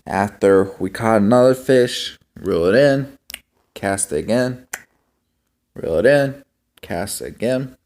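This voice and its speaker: A young man vlogging in a casual, rambling monologue, halting with many ums and restarts. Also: on the low side, lively intonation, a little mellow. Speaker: homestead vlogger.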